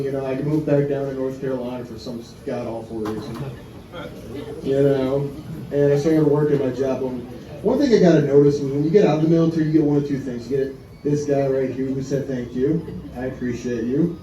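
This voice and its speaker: A young man from Wisconsin doing a stand-up comedy set, telling crude, profane stories about his army days. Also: on the high side. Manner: crude, profane storytelling with audience laughter. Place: comedy club stage. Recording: roomy club sound from a distance, crowd laughter.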